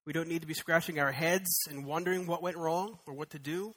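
High, bright-voiced man preaching. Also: fairly even intonation, fairly quick. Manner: emphatic preaching, rising to loud repeated declarations. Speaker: pastor. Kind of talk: sermon.

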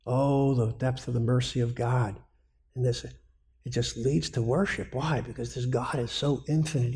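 A man's voice: mid-range voice, mellow. A man giving a sermon-style teaching talk, asking the audience questions and answering them himself. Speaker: speaker on biblical counseling.

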